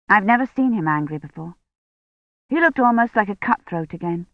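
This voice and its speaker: A woman narrating a first-person audiobook in an earnest, quietly worried diary-reading manner, in a dull lo-fi recording. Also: mid-range voice, expressive, brisk, no room sound.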